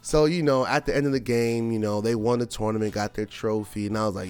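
A man's voice: lowish voice, fairly quick, hardly any pauses, clean tone, faint music behind. A man hosting a podcast, telling a family story in a chatty, casual way with lots of fillers. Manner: animated and chatty, full of fillers. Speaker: podcast host.

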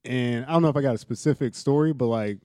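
A man co-hosting a casual podcast chat in a laid-back, low-key way. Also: fast talker, darkish tone, no echo, clean studio sound. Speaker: podcast co-host.

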